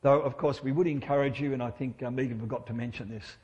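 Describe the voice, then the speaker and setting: A man's voice: medium pitch, steady tone, fast, darkish tone, in a large hall, highs cut off. Conversational male preacher in church. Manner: conversational, humorous, asks rhetorical questions. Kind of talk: sermon.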